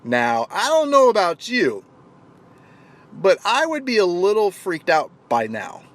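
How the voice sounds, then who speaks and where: A man telling a motivational story in an animated way, acting out the shouting voices of the people in it. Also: high-pitched, a little slow. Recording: clear traffic noise.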